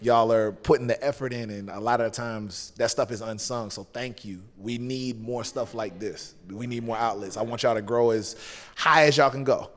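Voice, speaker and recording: A man's voice: mid-range voice, moderate pace, in a large hall. A man with a Southern US accent, a wrestler guest chatting casually on a podcast in a loose, laid-back way with lots of fillers.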